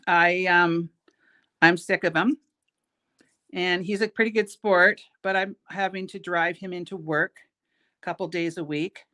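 Her voice is on the low side with fairly even intonation, unhurried and broken by long pauses, yet bright and forceful. A middle-aged woman, she hosts a beading tutorial from her own bead shop, chatting between steps, teasing herself, and laughing at her own jokes.

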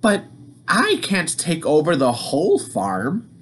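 Man voicing a big new storybook tractor, commanding and lively, slow and deliberate. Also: slight background noise, heavily acted. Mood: reassuring. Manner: deep, commanding. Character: big new male farm tractor, confident.

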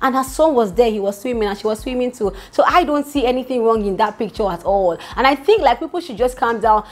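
A young woman with a Nigerian accent, chatting animatedly to her viewers about celebrity gossip. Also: a little high. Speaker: vlogger. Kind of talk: casual gossip commentary.

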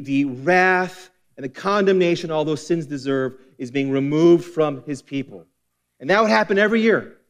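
A man preaching a sermon as pastor, impassioned, swinging between forceful emphasis and hushed intensity. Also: high voice.

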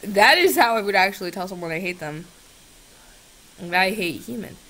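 A woman's voice: mid-range voice, lively intonation, normal speed, fairly bright tone. A young woman vlogger chatting sarcastically with a chatbot, swinging between shrieks and mutters, on a computer's built-in mic. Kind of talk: casual chat with a chatbot.

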